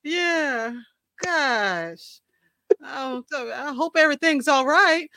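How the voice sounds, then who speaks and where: Blunt, high-voiced woman co-host. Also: animated, slow pace, long pauses, sharp tone, no echo, clean studio sound. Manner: blunt, frank, laughs easily. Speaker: podcast co-host. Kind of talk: casual chat.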